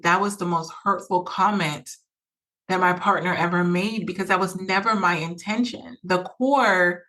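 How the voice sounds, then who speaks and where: Speaking in a lowish, fairly bright voice, a woman hosts a personal advice podcast. She talks with earnest emphasis, repeats phrases frequently, and dramatizes the thoughts she quotes.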